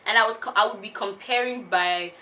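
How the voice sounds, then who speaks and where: A woman in her twenties, a beauty vlogger, telling a personal story in a casual, animated way. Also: mid-range voice, a little fast, a little hiss or hum. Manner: animated, laughs often while telling.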